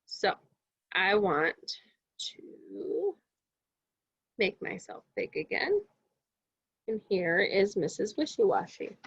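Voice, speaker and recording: A woman's voice: medium pitch, sing-song, slow, long pauses, a bit bright, husky. A woman teacher giving a reading lesson to young children in an encouraging tone, often asking them questions.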